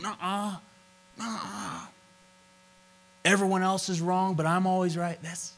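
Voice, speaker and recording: A man's voice: medium pitch, low-quality recording. A middle-aged man from Oklahoma preaching a sermon as pastor, with an emphatic, repetitive cadence.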